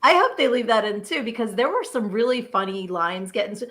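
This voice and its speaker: A woman hosting a casual podcast, telling animated stories about a film shoot and laughing often. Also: a little high, brisk. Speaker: podcast host.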